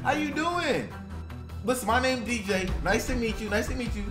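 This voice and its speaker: A fairly high, very lively woman's voice rides all over its range as she calls out a video game. She sounds jumpy and loud, going from frightened yells to easy chatter with her viewers. The room around her is echoey, and clear game music plays behind her. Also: moderate pace. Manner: jumpy and loud, shrieking and yelling when scared, chatting to viewers. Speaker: family YouTuber playing a video game with her child. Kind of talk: excited gameplay commentary.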